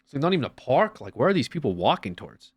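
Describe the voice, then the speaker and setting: A man's voice: medium pitch, sing-song, fast talker, slightly rough. A man streaming, chatting casually, swearing often and acting out little scenes. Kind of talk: casual chat.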